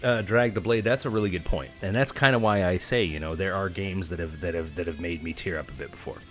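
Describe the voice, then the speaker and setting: A man with a low voice hosts a casual reaction show. He talks loud and mocking and trash-talks the people he watches. Faint music plays behind him. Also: fast talker. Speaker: commentary show host.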